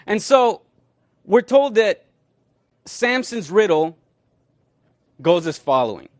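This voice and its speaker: A man with a high-pitched voice preaches a sermon. He retells a scripture story with energy and acts out the characters' lines as he goes. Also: takes it slowly. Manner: animated, acts out quoted characters. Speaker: pastor.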